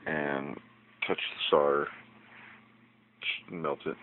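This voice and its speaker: Deep gravelly man, tinny audio. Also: noisy background. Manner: rambling, folksy, easily irritated. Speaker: hobbyist showing a fish tank project. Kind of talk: casual home video walkthrough. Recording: tinny lo-fi home camera audio.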